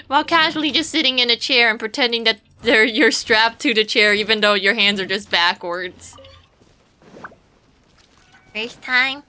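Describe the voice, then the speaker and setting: A woman's voice: on the high side, normal speed, bright, forceful tone, soft background music. A woman streamer giving casual gameplay commentary, rambling playfully to her viewers and swearing now and then.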